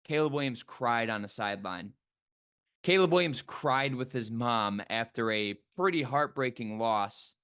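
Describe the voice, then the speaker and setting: A man who works as a sports radio producer, giving an animated, emphatic opinion rant with quick asides. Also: medium pitch, smooth. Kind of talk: casual opinion rant to camera.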